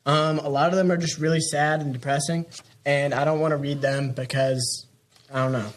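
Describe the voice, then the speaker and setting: A man's voice: a little high, steady tone, normal speed. A young man in his late teens, a student guest on a podcast, musing in a rambling, mock-preachy way. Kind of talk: casual podcast chat.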